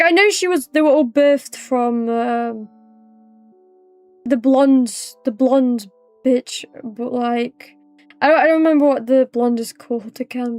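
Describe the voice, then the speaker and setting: High-voiced British woman streamer. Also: dry recording. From Britain. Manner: chatty, rambling, teasing, quick to laugh. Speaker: livestreamer. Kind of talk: casual chat with live viewers.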